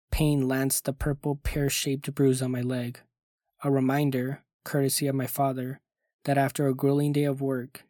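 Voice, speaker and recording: A man hosting a show, reading a horror story aloud in even, measured scripted narration. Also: mid-range voice, no room sound, studio quality. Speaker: host and narrator.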